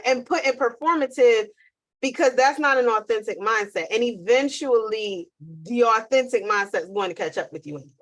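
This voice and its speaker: Lively woman co-host, a bit higher voice, casual chat. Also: a little fast. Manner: animated, acts out voices when telling stories. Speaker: podcast co-host. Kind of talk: casual podcast conversation.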